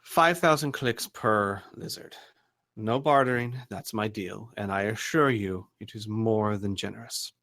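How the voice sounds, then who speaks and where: A man voicing a shrewd businesswoman who deals in shady goods, speaking in a cool, measured, bargaining way. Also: on the low side, fairly bright tone. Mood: generous. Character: shrewd middle-aged businesswoman fence, smooth-talking.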